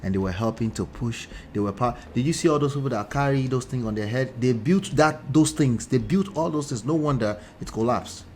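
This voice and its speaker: A man's voice: medium pitch, brisk, hardly any pauses, a little mellow, a little hiss or hum. A man with a mixed Nigerian and New Jersey accent, hosting casual commentary in a chatty way, often checking in with "right?". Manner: chatty, frequent rhetorical "right?" and asides. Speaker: relationship talk host.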